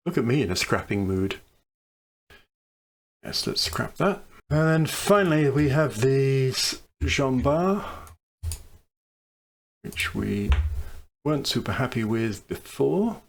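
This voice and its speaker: A man with a gravelly, creaky voice at a middle pitch talks through a naval strategy game, weighing each option aloud. His commentary is casual and musing, with dry, wry asides. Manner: thinking aloud, musing over choices. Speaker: let's play commentator.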